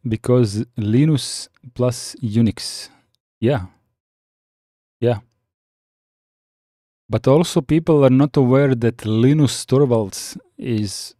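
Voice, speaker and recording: Man, live-stream chat, halting with restarts, dry close sound, unhurried delivery. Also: mid-range voice, warm tone, no echo. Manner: halting, many fillers and restarts, reads chat aloud. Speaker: live streamer chatting with viewers.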